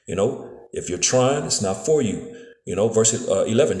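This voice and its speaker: With a lowish, warm voice at normal speed, a preacher delivers a casual scripture lesson in street style, captured on a phone in a roomy-sounding space. Filler like "man" and "you know what I'm saying" runs through it, and he stumbles on repeated words.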